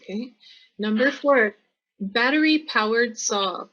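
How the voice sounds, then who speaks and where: A woman's voice: fairly high pitch, unhurried, fairly bright tone, dull audio. An American woman teaching pronunciation in a college classroom, explaining patiently and repeating words for her students. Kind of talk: classroom instruction.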